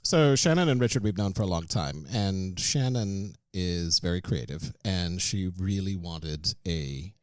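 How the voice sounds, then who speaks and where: A man with a low, lively voice hosts a casual podcast chat. His delivery swings up and down in pitch, and the sound is dry and close. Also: a little slow, few pauses, no echo. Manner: relaxed, moves the conversation along. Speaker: podcast host.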